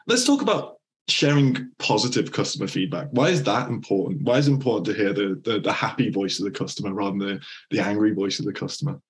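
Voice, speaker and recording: A male podcast host with a lowish voice poses his questions casually. He rambles a little and leans on fillers as he goes. His tone stays loose and conversational. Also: animated, fast talker. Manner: loose and chatty, many "like" fillers.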